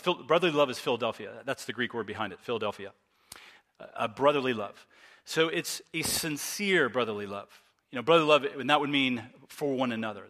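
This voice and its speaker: Male pastor, earnest and emphatic sermon delivery, crisp bright tone. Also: medium pitch. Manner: earnest, emphatic preaching with repetition.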